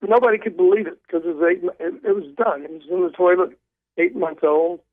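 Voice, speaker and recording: An older man, a guest author, telling animated stories with stumbling restarts over the phone. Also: high voice, fairly quick, no echo. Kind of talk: storytelling in a phone interview. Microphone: telephone. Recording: tinny phone line.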